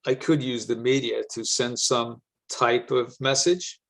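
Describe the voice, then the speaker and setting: A man's voice: mid-range voice, steady tone, close to an everyday voice. A man doing a composed pop star. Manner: smooth, measured. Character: polite, composed male pop star with trained voice.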